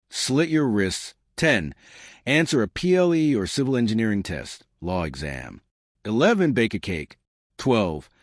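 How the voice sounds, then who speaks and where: A man's voice: on the low side, no room sound, studio quality. A man hosting his channel, speaking in a disjointed monologue that jumps between tips and numbered lists. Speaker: channel host.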